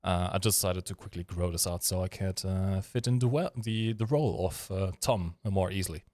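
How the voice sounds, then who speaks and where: Guy streaming, kinda low voice, goofy rambly chat with lots of ums, dry sound. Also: normal speed, darkish tone, no echo. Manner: joking, rambling, with frequent fillers. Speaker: live-stream host. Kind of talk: casual live-stream chat.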